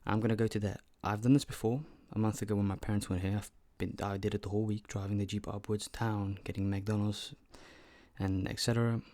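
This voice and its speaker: Low-voiced eighteen-year-old guy vlogging. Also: flat delivery, quick pace, mellow, no echo. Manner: loose, profane, chatty retelling. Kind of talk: casual storytelling vlog.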